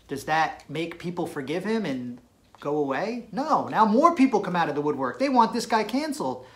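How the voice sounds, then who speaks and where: A man's voice: on the high side, very animated, a little fast, fairly bright tone. A man giving dating advice straight to camera, talking in an emphatic, punchy way and checking in with "right?". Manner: emphatic, punchy, tag questions. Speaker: dating coach. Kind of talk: direct-to-camera advice video.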